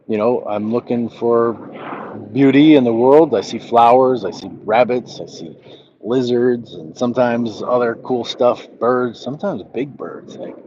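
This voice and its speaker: A man hosting a casual livestream, reading viewers' comments aloud and answering them in a relaxed, friendly way. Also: mid-range voice, highs cut off, a little hiss or hum. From Southwest United States. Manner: reads chat messages aloud, relaxed and friendly. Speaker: livestream host. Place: walking outdoors.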